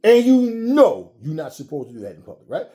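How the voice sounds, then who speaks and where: Male commentator, blunt profane rant, warm slightly high voice. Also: huge pitch swings, brisk. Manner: blunt, profane, repetitive restarts. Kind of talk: casual rant to camera.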